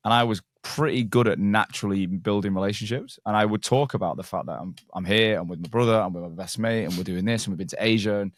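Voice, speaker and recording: A man's voice: fairly low pitch, fast talker, hardly any pauses. A man from England hosting a podcast, chatting casually and telling stories full of banter and swearing. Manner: swears freely, banter-heavy storytelling. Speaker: podcast host. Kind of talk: casual interview chat.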